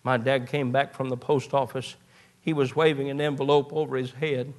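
A man's voice: medium pitch, level tone, moderate pace. A man, preaching a sermon in a folksy storytelling way, often restarting his words. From eastern Kentucky. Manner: folksy storytelling with repeated stammered starts.

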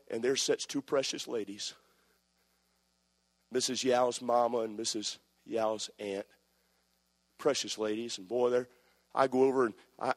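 A man, a pastor preaching a sermon, swinging from loud passionate peaks to quiet storytelling. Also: medium pitch. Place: church sanctuary. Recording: long reverb of a church hall.

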